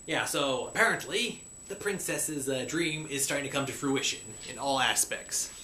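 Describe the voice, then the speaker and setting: A man recapping a cartoon episode in a playful pirate persona, saying "be" for "is" and slipping into quick voices for the characters. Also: medium pitch, sharp tone. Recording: echoey room with faint hiss.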